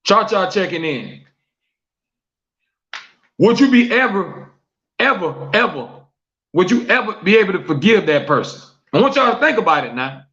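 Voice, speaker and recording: A man's voice: sits high, very animated, normal speed, pauses often, bright, forceful tone, dull audio. A man hosting a live-streamed talk show, repeating questions to his viewers, reading their comments aloud and preaching about forgiveness.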